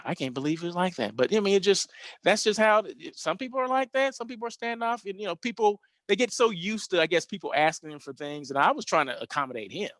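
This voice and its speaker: Male host, casual storytelling monologue, loose and self-correcting, higher-pitched, dry close mic. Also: animated, quick pace, a bit bright, dry recording. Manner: rambling, self-correcting, chatty.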